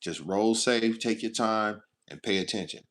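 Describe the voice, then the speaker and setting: A man's voice: fairly low pitch, moderate pace, a bit bright. A man who drives trucks for a living, talking casually to his viewers with blunt, heavily profane storytelling. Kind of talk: casual straight-to-camera talk.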